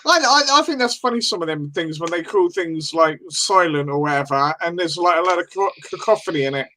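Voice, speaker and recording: Bright, high-voiced bloke chatting. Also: male voice, expressive, fairly quick. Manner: rambling, swearing, laughing banter. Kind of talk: casual chat on a live stream.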